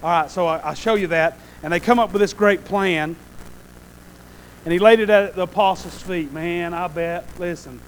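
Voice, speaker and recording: Male preacher with a very high voice, folksy and animated, calls out for amens, shifts from murmur to shout. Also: normal speed, a little hiss or hum, poor audio. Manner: folksy, animated, keeps asking the congregation "Amen?"; swings between quiet asides and loud shouted bursts. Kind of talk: sermon.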